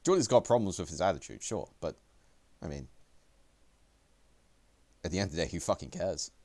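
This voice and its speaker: A man's voice: low voice, lively intonation, normal speed, darkish tone. A young man streaming commentary on a match, rambling, profane and self-deprecating. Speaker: esports player and streamer. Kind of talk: livestream commentary.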